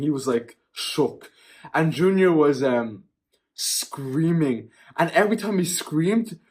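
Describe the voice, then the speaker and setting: A young man vlogging, telling a story in casual, animated speech, often laughing and tacking on "yeah?" and "right?". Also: a little high.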